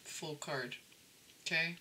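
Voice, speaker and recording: Man, tarot reader, casual chat, rambling, keeps checking in, slightly high voice. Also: slow, pushed and bright, a little hiss or hum, poor audio. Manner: rambling, checks in with "okay?" often.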